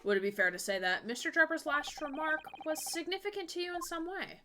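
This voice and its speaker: A woman voicing a prim French noblewoman in a put-on French accent, with a halting, stiff line reading. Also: sits high, background noise, voice pushed up, lightly acted. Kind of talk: reading game dialogue aloud.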